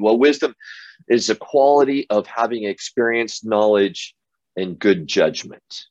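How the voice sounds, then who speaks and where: A man's voice: medium pitch, normal speed, no room sound, dull audio. A man hosting a motivational show, telling stories casually with lots of fillers and restarts. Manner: enthusiastic, loose, many fillers and restarts. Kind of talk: casual storytelling monologue.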